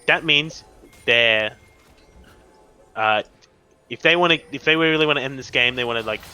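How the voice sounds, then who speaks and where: A young man commentating a live esports match, excitable and rambling, often tripping over his words. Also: mid-range voice, normal speed, clear, resonant tone, soft background music. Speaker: esports caster.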